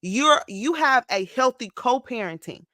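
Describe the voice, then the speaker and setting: Expressive woman around forty, vlogging. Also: fairly high pitch, measured pace, no room sound. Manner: expressive, slips into mock-whiny voices when quoting her past self; emotional, close to tears at times. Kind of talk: casual confessional vlog.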